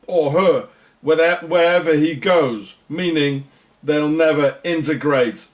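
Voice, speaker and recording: Speaking slowly in a slightly high voice, a South African man provides rambling video narration over on-screen footage. He's sarcastic and tends to repeat and restart what he says.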